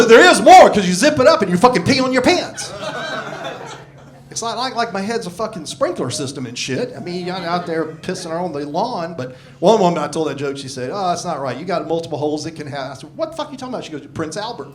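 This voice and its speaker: A man in his sixties doing a grumpy, profane stand-up set on a club stage into a handheld mic. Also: high voice. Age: 60s. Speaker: stand-up comedian. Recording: live club with crowd laughter. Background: audience laughter.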